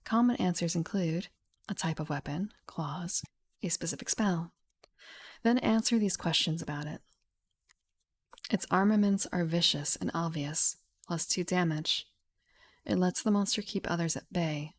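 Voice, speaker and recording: A young woman streamer reading a game rulebook aloud at home into a studio mic, softly and half-whispered, with chatty asides. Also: on the low side, a little slow. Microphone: studio mic with pop filter.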